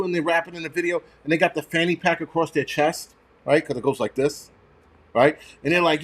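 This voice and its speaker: A man's voice: a little high, fairly quick. A man, ranting and swearing loosely on a casual livestream. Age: 40s. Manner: profane, ranting, mocking. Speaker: livestream host.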